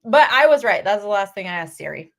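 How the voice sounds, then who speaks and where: A woman's voice: medium pitch, expressive, quick pace, gravelly. A woman co-hosting a radio show, chatting casually, telling stories and laughing easily. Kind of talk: casual morning radio banter. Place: radio studio.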